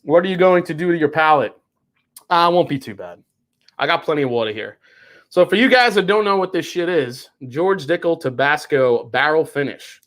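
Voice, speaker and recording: A man's voice: a little high, expressive, moderate pace, a bit bright. A young adult man hosting a live whiskey stream, chatting casually, groaning and cussing at what he tastes. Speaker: whiskey livestream host.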